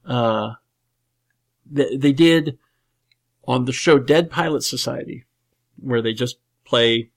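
A man's voice: mid-range voice, slow pace, vocal fry, long pauses. A man hosting a podcast, talking about a film in a rambling, emphatic way with many fillers and restarts. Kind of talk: casual movie discussion.

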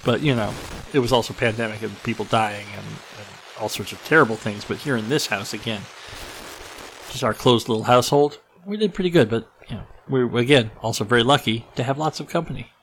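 A man's voice: medium pitch, brisk, fairly bright tone, slight background noise, rough recording. Congested, rambling male podcast host. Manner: rambling, self-deprecating, frequent restarts and fillers. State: stuffed-up nose, congested. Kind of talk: casual rambling podcast chat.

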